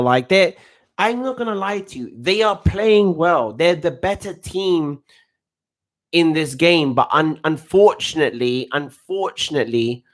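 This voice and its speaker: Guy doing a football reaction stream, excitable and rambling, slangy, kinda high voice. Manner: excitable, rambling, with frequent restarts and slang like "bruv". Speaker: football coach and live match reaction streamer. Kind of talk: casual live match reaction and commentary.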